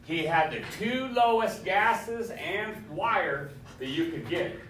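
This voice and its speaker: A man's voice: high-pitched, expressive, slow pace, fairly bright tone. A male welding instructor who lectures his class in a swaggering storytelling way and quizzes his students as he goes. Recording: echoey classroom, far from mic, faint hiss.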